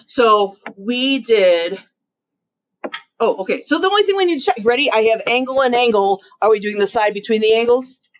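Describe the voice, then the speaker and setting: Expressive and fairly high-pitched, a woman teaches high school math at a moderate pace. Her style is talkative and playful, full of self-deprecating asides and frequent "okay?" and "right?" check-ins. The audio is a faint, noisy, dull recording taken from across a classroom.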